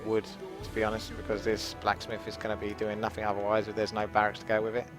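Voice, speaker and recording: A man's voice: fairly low pitch, completely flat delivery, fast talker. A British man commenting on his game in a casual, cheeky and rambling stream chat, swearing freely. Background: game music.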